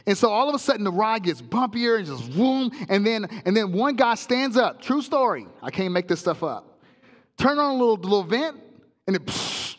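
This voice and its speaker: A male pastor preaching a sermon, telling a comic story with sound effects in an animated way. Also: high voice, normal speed, big-room sound. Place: church sanctuary.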